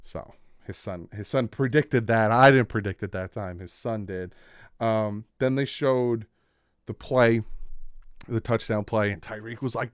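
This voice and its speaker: A young man with a smooth, clear voice and a slightly low pitch recaps a football episode in casual reaction commentary. He tells it with animation and acts out what the players said. The sound is dry and close. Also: measured pace, no room sound. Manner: animated storytelling, acts out quotes. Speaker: sports reaction host.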